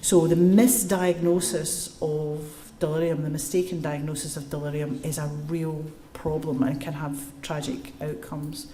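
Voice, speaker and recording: A woman's voice: low-pitched, measured pace, hardly any pauses. A woman giving a public lecture to a live audience and answering questions, telling stories and explaining step by step. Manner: lively storytelling, explains step by step. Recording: echoey room.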